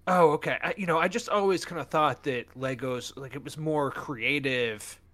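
A man's voice: mid-range voice, normal speed. A man co-hosting a casual chat, telling stories and acting out what others said. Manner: animated storyteller, acts out quoted dialogue. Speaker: podcast co-host.

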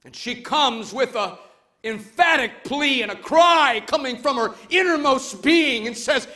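A male pastor preaching a sermon to his congregation, emphatic, swinging between loud calls and quiet urging. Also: very high voice, big pitch swings, takes it slowly. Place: church service before a congregation.

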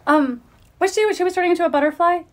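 A woman's voice: very high-pitched, fast talker. A woman interviewing an author, talking in an enthusiastic way and laughing often. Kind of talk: casual interview.

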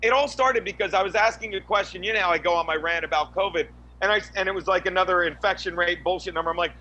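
A man on a podcast rambles through a crude, restless rant, full of swearing and restarts. His voice sits high and sounds bright and forward. A faint hum runs behind him. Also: fast, highs cut off. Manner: many restarts and fillers. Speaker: podcast co-host, guest. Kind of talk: crude casual podcast chat.

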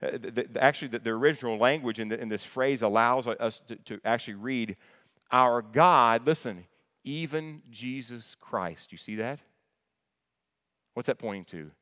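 A pastor preaches in an animated way, asking his congregation questions and answering them himself. His voice sits at an ordinary man's pitch, and a long hall reverb trails behind each phrase. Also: fairly quick. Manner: repeats words and restarts phrases. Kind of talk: sermon.

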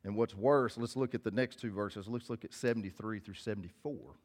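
Guy pastor w a lowish voice, preaching super casual, keeps calling everyone guys. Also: fairly quick, hardly any pauses. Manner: casual, direct, addresses listeners as guys; reads scripture aloud then explains it. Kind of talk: conversational sermon.

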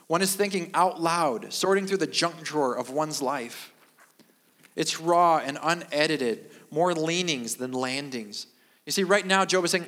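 Deadpan preacher in a reverberant hall. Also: male voice, fairly high pitch, a little slow. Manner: deadpan, self-mocking humor with emphatic repetition. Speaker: pastor. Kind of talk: sermon. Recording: long reverb of a large hall.

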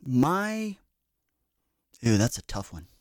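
A man hosts a relaxed podcast conversation, drifting from one tangent to the next with plenty of "um"s and false starts. His voice sits at a middle pitch and sounds dry and close, with little room around it. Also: slow, no echo. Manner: rambling, many fillers and restarts. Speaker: podcast host. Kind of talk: casual podcast chat.

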